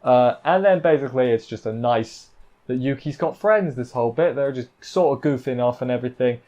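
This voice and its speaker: A man's voice: mid-range voice, brisk, warm tone, dull audio. A man giving a casual, rambling recap of an anime episode, correcting himself and making playful asides. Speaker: anime reviewer.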